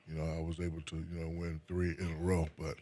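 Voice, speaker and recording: A man from New Jersey, a retired basketball player, chatting casually as an interview guest, soft-spoken and restarting sentences with repeated words. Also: sits low, completely flat delivery, fast.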